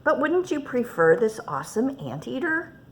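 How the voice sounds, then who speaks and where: A woman's voice: fairly high pitch, very animated, normal speed, a little hiss or hum, voice pushed up. A woman reading aloud and voicing a male animal shelter keeper who eagerly pushes odd pets. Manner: eager salesman patter.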